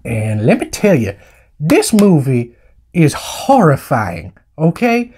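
A man's voice: on the high side, huge pitch swings, slow, a little mellow, husky. A man giving a casual movie review in rambling, slangy, joking talk. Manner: rambling, slangy, jokey vernacular.

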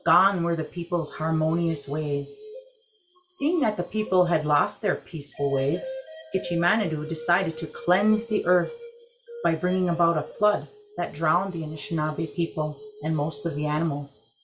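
A woman telling a traditional creation legend in a measured, deliberate storytelling narration. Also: low-pitched, over music. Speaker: program director telling a legend.

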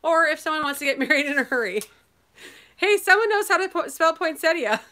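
A woman's voice: sits high, animated, brisk, sharp tone. A woman from Minnesota hosting a live online sale in casual, enthusiastic chat, laughing often.

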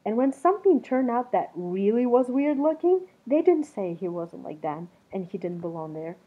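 Expressive woman reading a storybook. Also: fairly high pitch, moderate pace, slightly rough. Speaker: narrator. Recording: dull muffled recording.

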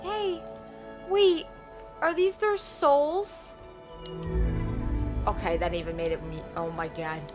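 A woman's voice: medium pitch, fairly even intonation, slow, pauses often. A young woman giving let's play commentary, emotional and exclaiming as she talks to herself through the game. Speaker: gaming streamer. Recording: game music behind voice.

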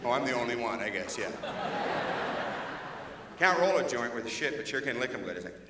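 A man doing a live stand-up routine, acting out the voices of pets and jumping wildly between high and low. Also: big pitch swings, a little fast, long pauses, heavy background noise. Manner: acts out pets' voices, shifts pitch wildly. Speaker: stand-up comedian. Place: comedy club stage. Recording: distant, echoey live club recording with loud crowd.

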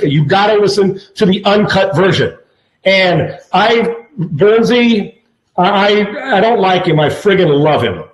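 A man in his fifties, a former football player, telling stories casually with constant swearing and stammering restarts. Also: high voice. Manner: profane, stammering, animated. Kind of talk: casual chat, storytelling. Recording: roomy echo.

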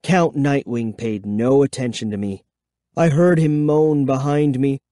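A man reading a children's horror book aloud, giving expressive, measured first-person storytelling. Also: medium pitch, no room sound, clean studio sound. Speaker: audiobook reader. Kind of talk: dramatic audiobook narration.

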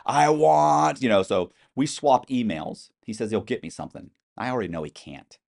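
A middle-aged man telling animated stories as a podcast guest, acting out quoted voices with some swearing. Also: fairly low pitch, a little fast. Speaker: interview guest. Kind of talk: storytelling in a podcast interview.

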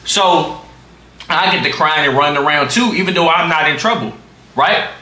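A young man streaming live, telling a story in an animated, profane way full of slang. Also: on the high side, moderate pace, roomy sound. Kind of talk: livestream storytime.

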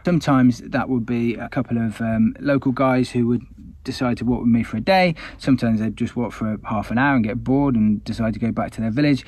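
A man's voice: medium pitch, darkish tone, no echo. Man, an explorer telling his story, self-deprecating, dry booth-like sound. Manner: candid, conversational, self-deprecating. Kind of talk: recounting an expedition story to camera.

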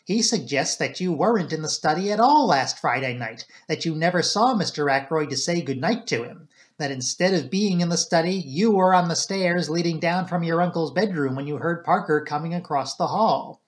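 A man's voice: on the high side, moderate pace, lightly acted. A man doing a brusque police inspector. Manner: brusque and blunt. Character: blunt, stubborn male police inspector.

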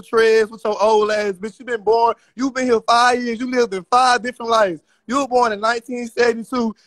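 High-voiced brash livestream host man. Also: a bit bright, dry recording. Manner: brash, profane trash talk. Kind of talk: insult battle on a live stream.

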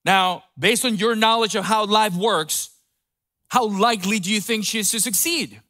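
A man pastor giving a conversational sermon, dropping soft and low for tender quotes. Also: moderate pace.

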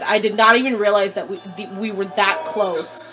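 A young woman hosting a let's play, panicking, squealing and shouting at her game character, repeating words in quick streaks. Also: mid-range voice, steady tone. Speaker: gaming channel host. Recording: faint game music behind.

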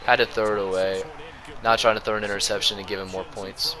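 A young man with a sore throat giving slangy, excitable commentary over his own old football video game match. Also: lowish voice, fast talker. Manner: excitable, slangy, jumps between play-by-play and rants. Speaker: gaming YouTuber. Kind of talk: gameplay commentary.

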